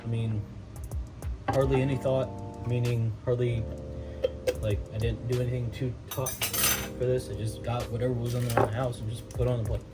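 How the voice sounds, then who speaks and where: A man's voice: medium pitch, little pitch movement, moderate pace, pauses often, over loud music, low-quality recording. A young man talking casually through a cooking vlog, rambling with lots of fillers and little asides. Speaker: bodybuilder vlogger.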